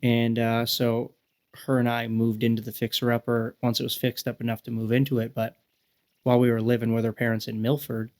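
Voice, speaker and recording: A man around forty, a podcast guest, telling lively profane stories and acting out what people said. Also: mid-range voice, fairly quick. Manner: profane, animated storyteller acting out quotes. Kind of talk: casual storytelling chat.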